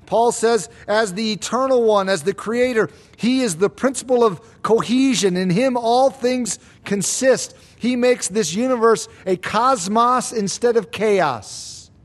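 A high-voiced male pastor delivers an expository sermon with emphasis, slowing down and rising in pitch on key claims. He puts rhetorical questions to the congregation.

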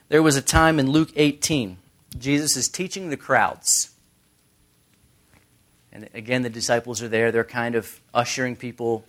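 A man preaching a casual sermon who tells stories and briefly acts out the crowds. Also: medium pitch. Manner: conversational, animated storytelling with quick voices for crowds. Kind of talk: casual sermon with acted-out scenes.

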